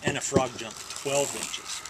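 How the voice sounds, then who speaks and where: A father telling a long joke at home in an unhurried way, now and then slipping and correcting himself, filmed on a handheld camcorder. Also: mid-range voice, heavy background noise. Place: family home. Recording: home video, baby crying loudly.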